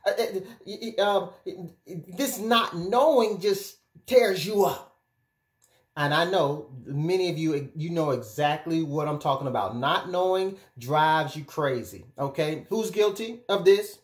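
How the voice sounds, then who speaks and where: A man speaking as a relationship and life coach, giving direct-to-camera advice in an animated, emphatic way, often checking in with his listeners. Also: high-pitched. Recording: echoey room.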